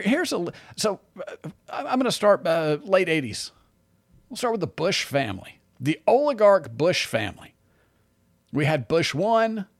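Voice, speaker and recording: A man hosting a solo political commentary show, talking in a sarcastic, animated way with frequent restarts and short laughs. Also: a little high, no echo, studio quality.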